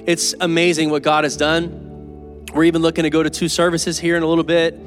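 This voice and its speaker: A pastor preaching an earnest, emphatic and conversational sermon in a church. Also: male voice, fairly high pitch, monotone, a little fast, soft background music. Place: church sanctuary.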